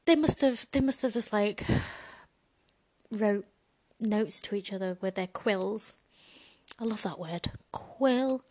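A woman's voice: mid-range voice, slow, a little mellow. Bawdy woman rambling. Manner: frank, bawdy, chatty, laughs often. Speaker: vlogger. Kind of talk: comedic rambling monologue.

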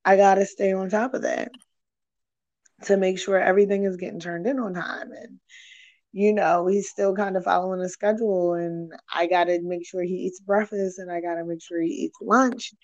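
A woman's voice: on the low side, steady tone, moderate pace, darkish tone, lo-fi sound. A young woman hosting a candid podcast chat, talking frankly and with lots of swearing, rambling through her thoughts with many fillers. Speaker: podcast host.

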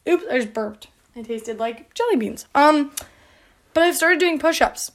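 Speaking a little slowly in an animated, high voice, this young adult woman hosts a podcast full of casual chat. She's breathless and meandering, with lots of filler words, plenty of "like" and frequent laughs.

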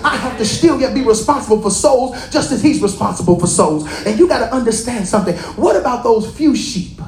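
A preacher giving a lively, colloquial sermon, repeating phrases and calling out to the congregation. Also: medium pitch, a little fast, reverberant, soft background music.

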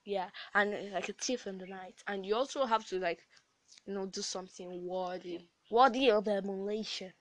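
A young woman hosts a casual podcast, talking through advice in a loose, chatty way, often restarting her sentences and laughing. Her voice sits at a medium pitch. The sound is dry, with little room echo. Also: moderate pace. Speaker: podcast host.

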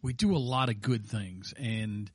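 A man's voice: fairly low pitch, a little slow, husky, no room sound. A man co-hosting a ministry podcast in casual chat, rambling with many restarts and fillers. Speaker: podcast co-host, pastor.

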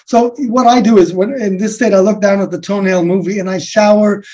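A man from the USA, speaking as a guest in a reflective spiritual conversation, rambling softly with many restarts and fillers. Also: high-pitched, fairly even intonation, brisk. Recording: dull lo-fi recording.

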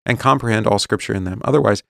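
Gravelly low-voiced male preacher. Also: no room sound, studio quality. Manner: explanatory, checks in with frequent "right?"; slows down to stress key points. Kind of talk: teaching sermon reading aloud from a text.

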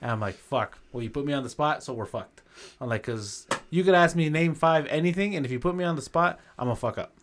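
A man's voice: a little high, fairly quick. A man chatting casually on a podcast, laid-back and slangy with plenty of swearing. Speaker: podcast co-host. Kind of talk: casual chat.

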